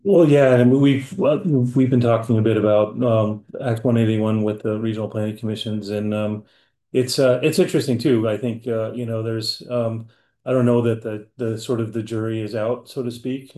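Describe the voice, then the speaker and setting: A man's voice: on the low side, mellow. A man in a casual meeting discussion, hedging with lots of fillers. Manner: hedging, lots of likes and you knows. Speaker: forester on planning board. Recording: echoey room.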